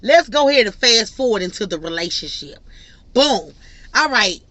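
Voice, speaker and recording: Young female vlogger, lively storyteller, bright and forceful tone, casual chat. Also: a little high, normal speed, no room sound, highs cut off. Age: young adult. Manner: animated, laughing storyteller. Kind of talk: storytime vlog.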